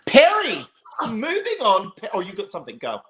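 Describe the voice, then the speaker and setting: A man's voice: high voice, huge pitch swings, fast talker, crowd noise. A man co-hosting a casual chat show, emphatic and swearing freely. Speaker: co-host. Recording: roomy echo.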